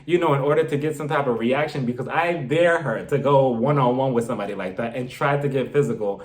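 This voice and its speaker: A man giving a casual, animated review of a reality TV episode. He acts out quotes and laughs often. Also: mid-range voice, fast. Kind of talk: casual commentary vlog. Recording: roomy echo.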